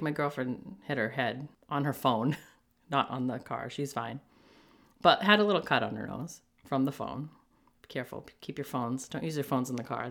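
A middle-aged woman hosting a podcast, telling a personal story in a casual, animated way, jumping into quoted voices and laughing often. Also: very deep voice. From New England. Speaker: podcast host.

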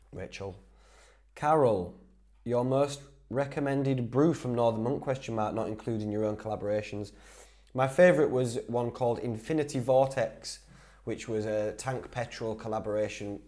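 A man's voice: on the low side, darkish tone. A young man from Whitby with a North Yorkshire accent, a podcast host answering listener questions in a chatty, laddish way, laughing easily and restarting his sentences. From Whitby, North Yorkshire, England. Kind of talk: casual solo Q&A.

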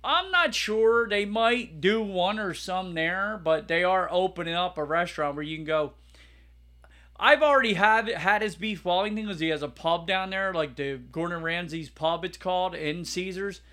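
Excitable podcast co-host, slightly high-pitched man, rambling and loose. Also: moderate pace. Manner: excitable, laughs loudly, rambling. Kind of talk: casual chat.

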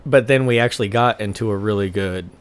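A man's voice: lowish voice, quick pace, clean tone. Young dude cohosting a podcast, rambly, trips over his words, laughs a lot. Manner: loose, rambling, laughs easily, many restarts. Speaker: podcast co-host. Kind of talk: casual chat.

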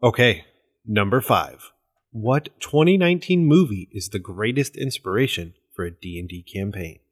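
A man's voice: fairly low pitch, animated, moderate pace, husky, no echo, studio quality. A man hosting a casual podcast chat, moving the talk along in an easygoing way. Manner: easygoing, leads the segments. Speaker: podcast host.

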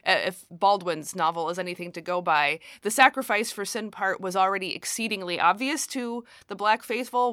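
A woman theologian, talking in a measured, reflective way in an academic podcast discussion. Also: lowish voice, fairly bright tone, dry recording, studio quality. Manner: measured, reflective, some hesitations.

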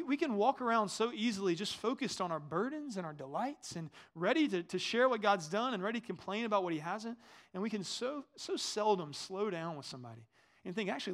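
Guy pastor preaching, high voice, chatty, keeps asking the crowd stuff. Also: fairly bright tone. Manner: conversational, asks the congregation questions. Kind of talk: sermon.

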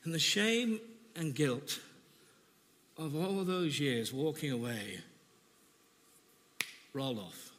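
A man preaching a sermon, telling his own testimony earnestly and emotionally, with halting repeats. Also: on the high side, expressive, fairly bright tone, in a large hall, slight background noise.

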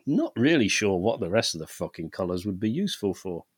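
Sweary man, lively storyteller. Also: fairly low pitch, brisk, breathy edge, no echo. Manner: sweary, animated storyteller who laughs often. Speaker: podcast co-host. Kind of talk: casual chat.

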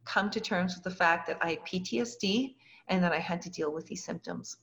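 Fairly quick and a bit bright, this woman's lowish voice carries vocal fry. She's a guest in an interview, earnestly sharing a personal story and voicing the people she quotes. Sound quality is dull and lo-fi.

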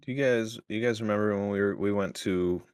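A man telling a lively, swearing story in a casual podcast chat. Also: lowish voice, a little fast, smooth, no echo, studio quality.

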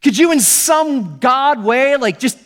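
A man's voice: very high-pitched, lively intonation, slow, fairly bright tone, in a large hall, voice pushed up, full character voice. A man voicing an anxious, overworked woman who pleads with God in exasperation. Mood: pleading.

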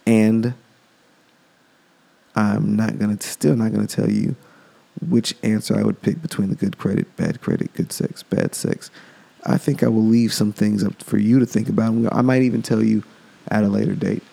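Gravelly, dark-voiced man. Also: fairly low pitch, fairly even intonation, normal speed. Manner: rambling, loose, cursing. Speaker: podcast host. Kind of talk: casual solo monologue.

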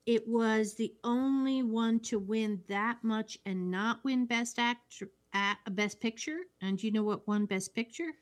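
A woman co-hosting a casual film chat, agreeable and unhurried, often trailing off mid-thought. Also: on the high side. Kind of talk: casual chat about films.

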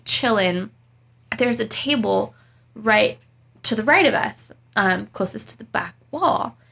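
A young woman recounts a story in casual conversation. Her voice is bright with a gravelly edge and sits fairly high. She tells it with animated drama and frequent laughter. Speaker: storyteller guest.

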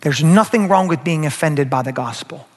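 A male pastor delivers a sermon in a rather high voice. He is animated and often speaks straight to his listeners. His words ring out with the long reverb of a large hall. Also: moderate pace. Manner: animated, acts out quoted voices, addresses the crowd directly. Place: church sanctuary.

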